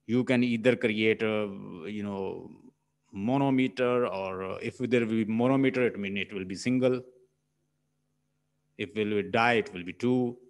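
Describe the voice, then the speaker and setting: A man's voice: on the low side, normal speed. A man with a Pakistani English accent teaching a linguistics lesson, repeating points and sounding out words syllable by syllable. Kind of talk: classroom lecture.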